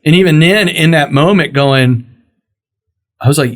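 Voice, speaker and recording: A middle-aged man hosting a podcast, with a voice pitched a little above most men's. He tells a story in a loose, conversational way and slips into the voices of the people he quotes, bringing their lines to life. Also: normal speed, long pauses. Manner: animated storyteller, acts out quoted dialogue. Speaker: podcast host. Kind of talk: casual storytelling interview.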